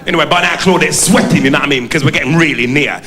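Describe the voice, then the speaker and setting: A man doing stand-up storytelling in a rapid street-style patter before a live audience. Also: fairly high pitch, pushed and bright. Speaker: stand-up comedian. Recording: live theatre, crowd laughter.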